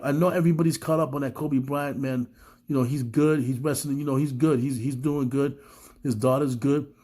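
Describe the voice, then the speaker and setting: A man's voice: mid-range voice, warm tone. A man giving a casual, rambling motivational talk to his viewers, slightly sick with a cough. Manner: rambling, repeats words, addresses viewers as guys. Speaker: self-help speaker.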